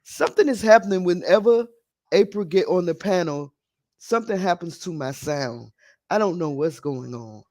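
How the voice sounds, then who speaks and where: A man with a fairly high voice hosts a casual live stream, chatting to viewers. He rambles a bit and sounds scattered as he works on his setup. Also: animated, moderate pace, darkish tone. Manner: scattered and chatty, talking to viewers while fixing audio. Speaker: live stream podcast host.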